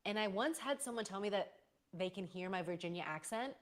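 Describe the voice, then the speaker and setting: A woman's voice: mid-range voice, lively intonation, brisk. A young woman chatting casually on a live stream, rambling through stories and answering chat with playful slang.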